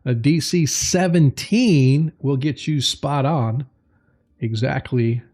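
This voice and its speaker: A man narrating a tabletop game as game master, slow and halting with many fillers. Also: mid-range voice, a little mellow.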